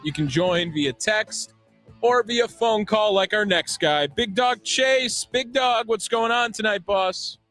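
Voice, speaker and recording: A man's voice: high voice, slow pace, a bit bright, soft background music. A man hosting a call-in sports radio show from a studio, upbeat and chatty with callers. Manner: upbeat, keeps calling the caller by nickname. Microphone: studio microphone.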